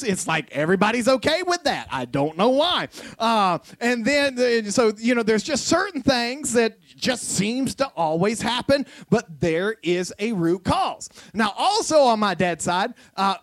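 A man's voice: very high-pitched, a bit bright, no echo. A man preaching a sermon as pastor, in a loose conversational way full of jokes and family stories. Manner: conversational, joking storyteller. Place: church.

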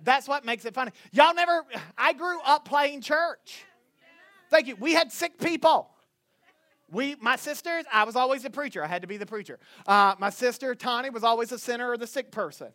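Southern pastor, man, very high voice, joking sermon storyteller, teases the crowd. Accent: Southern US (Northwest Florida). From Northwest Florida, USA. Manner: joking, animated storytelling, quick asides to the crowd. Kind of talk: sermon with jokes to a congregation.

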